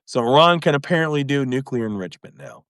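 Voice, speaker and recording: A man's voice: mid-range voice, quick pace, no echo, studio quality. A man hosting his own live video, talking through politics in a casual, chuckling way. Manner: animated, chuckling, acts out others in mock voices. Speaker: host of a live video commentary show. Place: home livestream.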